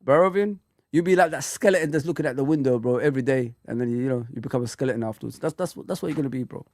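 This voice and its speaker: A man's voice: medium pitch, racing, darkish tone, dry recording. Man, fan streamer, angry swearing rant, repetitive, dry close sound. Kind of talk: ranting live stream.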